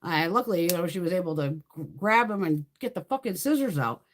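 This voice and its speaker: This beauty livestream host does her makeup and chats casually with viewers, telling blunt stories full of profanity. She speaks in a lowish, animated voice at a fast clip, and there's a little hiss or hum on the audio.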